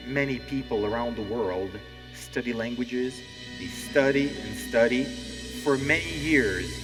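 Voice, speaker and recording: A man teaching English in an interactive stand-up lesson on stage, often checking in with "okay?" and acting out quotes. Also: mid-range voice. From Ukraine. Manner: animated, keeps asking "okay?", acts out quotes. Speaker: language teacher hosting a stage show. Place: stage in a hall before a live audience. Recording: reverberant hall with faint music.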